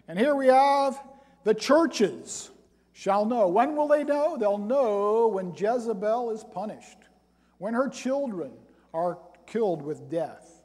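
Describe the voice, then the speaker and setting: A man preaching a sermon, reading scripture aloud and building to loud, emphatic points. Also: sits high. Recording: long hall reverb.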